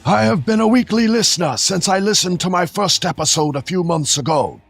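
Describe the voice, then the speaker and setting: A man's voice: brisk, creaky, fairly bright tone, breathy edge, soft background music, full character voice. A man putting on a hammy Viking voice to read a listener review aloud. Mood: hammy cheerful. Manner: high, booming, hammy delivery. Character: jolly male Viking reading a fan review aloud.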